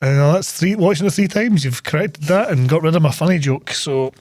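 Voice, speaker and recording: A man's voice: a little high, brisk, noisy background. A young Scottish man co-hosting a podcast, recapping a film in casual chat, joking, swearing freely and laughing often. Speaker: podcast co-host.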